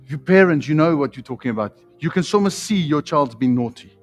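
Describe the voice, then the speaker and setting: A high-voiced man with a New Zealand accent preaches a sermon in a church, fiery and excitable. He jumps from shouted peaks to hushed lines and drops casual slang like bro. Soft music plays faintly under him. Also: quick pace. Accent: New Zealand English. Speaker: pastor. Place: church hall.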